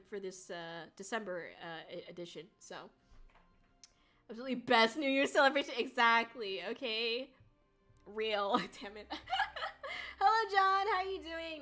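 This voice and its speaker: A young woman chatting casually on a livestream, rambling and giggly with bursts of excitement. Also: mid-range voice. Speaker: VTuber streamer.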